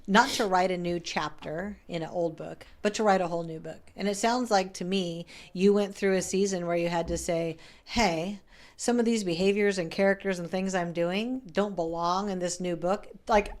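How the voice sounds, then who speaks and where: A middle-aged woman hosts a casual interview podcast in a somewhat low voice. She talks in a candid, chatty way and drops in the odd swear word. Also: fairly even intonation, normal speed. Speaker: podcast host.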